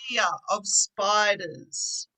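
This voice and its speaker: A woman's voice: medium pitch, drawn-out words, bright, forceful tone, rough recording. A woman teaching an online English class, patiently explaining words with simple examples.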